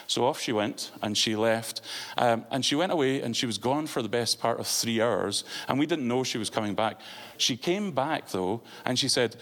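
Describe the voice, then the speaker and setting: A man preaching a sermon in an earnest, halting way, telling a story with frequent fillers and restarts. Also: mid-range voice, a bit bright.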